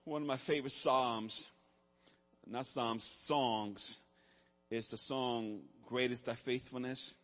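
A man preaching a sermon as pastor, building from soft, quiet passages to shouted, repetitive refrains. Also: mid-range voice, steady tone, takes it slowly. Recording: long hall reverb.

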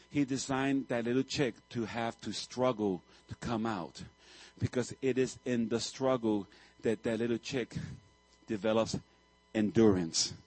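Husky preacher telling a lively story. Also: male voice, medium pitch, dry recording, low-quality recording. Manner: animated storytelling with sudden loud outbursts. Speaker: pastor. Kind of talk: sermon.

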